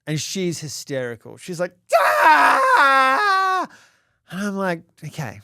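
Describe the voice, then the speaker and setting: A man, co-hosting a parenting podcast and telling a story in a casual, animated way, acting out quotes, laughing and swearing. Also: on the high side, moderate pace, clean tone, no room sound, shouting. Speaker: podcast co-host, dad.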